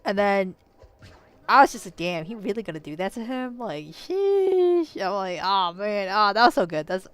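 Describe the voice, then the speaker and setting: A woman in a casual, rambling commentary, full of "you know"s and self-corrections, swinging between quiet musing and loud outbursts. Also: mid-range voice, fairly quick, smooth. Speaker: vlogger.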